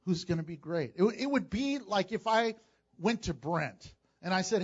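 Animated, high-voiced male pastor preaching. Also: moderate pace, slightly rough, lo-fi sound. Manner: animated, acts out voices of people in the story, laughs often. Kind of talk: sermon.

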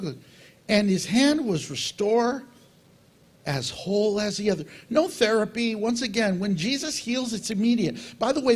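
Middle-aged guy preaching a sermon, kinda husky, voice jumps around a lot, acts out bits of dialogue. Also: sits high. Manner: animated preaching, acting out dialogue with God. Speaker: pastor.

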